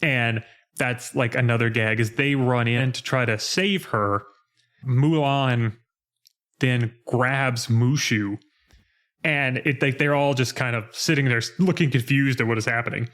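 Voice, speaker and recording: A man's voice: medium pitch, unhurried, fairly bright tone. A man co-hosting a podcast, chatting casually about a game he played and acting out quoted lines with laughs. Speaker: podcast co-host. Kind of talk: casual chat recapping a game.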